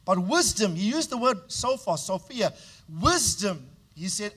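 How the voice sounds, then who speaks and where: A man's voice: sits high, big pitch swings, a little slow, fairly bright tone, husky. A male pastor preaching a sermon with emphatic delivery, often stopping to prompt the congregation to answer back. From South Africa.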